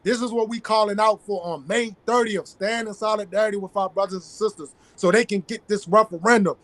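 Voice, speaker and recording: A man's voice: high-pitched, steady tone, brisk, a bit bright. A man with a Southern US accent, a guest activist in an interview, talking emphatically and repeating his key phrases. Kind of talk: interview conversation.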